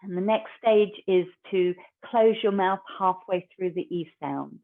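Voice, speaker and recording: A woman, a yoga teacher guiding a class in a calm, gentle, unhurried way. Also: mid-range voice. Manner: calm, slow, gentle guidance. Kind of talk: guided yoga instruction. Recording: tinny phone-like recording.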